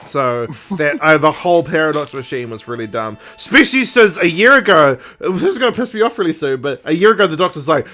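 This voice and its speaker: A man's voice: a little high, brisk, few pauses. A man co-hosting a podcast at home, chatting casually and acting out characters in silly voices. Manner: animated, exaggerated, acts out characters in silly voices. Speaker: podcast co-host. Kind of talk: casual chat recapping episodes.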